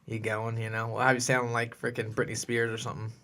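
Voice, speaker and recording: A man's voice: mid-range voice, monotone, quick pace, pushed and bright. A man hosting a podcast, interviewing a guest in a playful, joking way. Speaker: podcast host.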